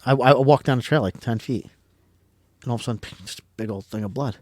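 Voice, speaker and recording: A middle-aged man from Pennsylvania, a podcast guest telling a story in casual, rambling, excitable talk that stumbles over repeated words. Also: mid-range voice, fast talker, dry recording, studio quality.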